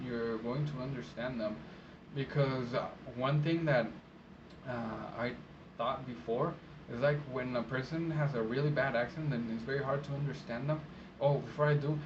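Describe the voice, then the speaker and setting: A man whose first language is not English talks through interpreting advice in an easygoing vlog, stopping often for ums and restarts. His voice sits at a middling pitch. The recording is dull and muffled, with steady noise in the background. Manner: relaxed, rambling, many fillers and restarts.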